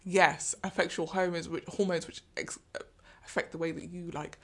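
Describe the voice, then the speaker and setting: A woman co-hosting a podcast, chatting and gossiping casually about a reality show, with quick mimicking asides. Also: on the low side, flat delivery, a bit bright. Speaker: podcast co-host. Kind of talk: casual chat.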